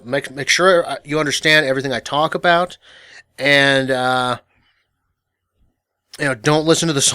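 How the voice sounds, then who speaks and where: A man's voice: medium pitch, pushed and bright, clear, resonant tone, no echo, clean studio sound. A man teaching an instructional audio course in a matter-of-fact, casual way, full of fillers and restarts. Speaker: dating coach.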